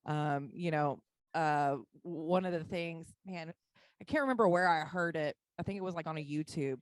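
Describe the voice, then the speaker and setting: A woman's voice: low voice, moderate pace, dry recording. A woman hosting an interview on a video call, encouraging and casual. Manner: friendly, encouraging, uses fillers. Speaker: host.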